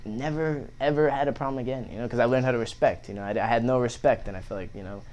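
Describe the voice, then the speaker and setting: A man's voice: medium pitch, fast, a little mellow, highs cut off. A young man, a podcast guest, telling a story in a casual, profane way with many fillers.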